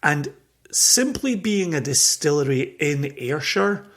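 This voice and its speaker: Slow-talking Scottish man, reflective. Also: on the high side, very animated, a bit bright. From Scotland. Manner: reflective, heartfelt, chuckles between thoughts. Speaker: podcast co-host. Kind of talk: casual chat.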